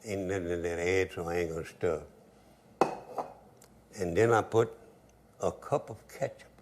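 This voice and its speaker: In a folksy cooking demonstration, an older male host cooks, tells stories and jokes in a relaxed manner, speaking with dialect grammar. His deep voice keeps a moderate pace against background noise.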